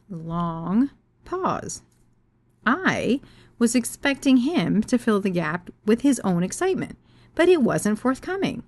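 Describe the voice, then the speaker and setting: A woman's voice: medium pitch, a little mellow, no echo. A woman podcast host and author telling a personal story frankly and expressively, with explicit language. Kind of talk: personal storytelling and reading aloud.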